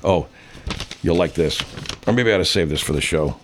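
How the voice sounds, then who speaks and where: A man's voice: sits low, brisk. A man over fifty, a radio host, telling a rambling, profane story in casual chat and putting on voices when he quotes people.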